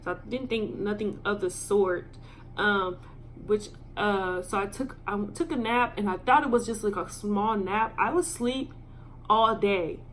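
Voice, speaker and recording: A young woman telling an emotional personal story in a vlog, with lots of ums and pauses. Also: medium pitch, slight background noise. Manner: halting and filler-heavy, emotional. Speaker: vlogger.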